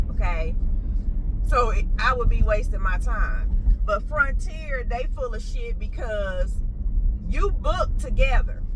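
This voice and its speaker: A woman, vlogging in a blunt, profane, animated rant. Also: on the high side, noisy background. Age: 40s. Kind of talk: casual ranting chat.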